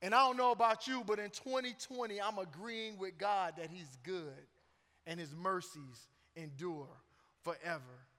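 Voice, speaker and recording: High bright-voiced middle-aged preacher, reverberant. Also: male voice, a little slow. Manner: joking, conversational, emphatic preaching. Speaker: pastor. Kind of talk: sermon. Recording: long church reverb.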